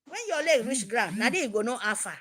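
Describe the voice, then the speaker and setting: A woman's voice: fairly high pitch, animated, quick pace, a bit bright. A woman with a Nigerian accent, giving an impassioned, repetitive address to her supporters. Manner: fervent, emphatic, repetitive. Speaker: activist speaker.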